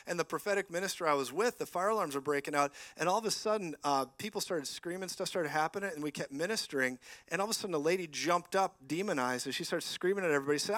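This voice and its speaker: A man preaching a lively sermon in a church, telling stories and acting out the voices of people in them. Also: on the high side, fast talker, hardly any pauses, dry recording. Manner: animated, jokey, acts out voices in stories. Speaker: guest preacher.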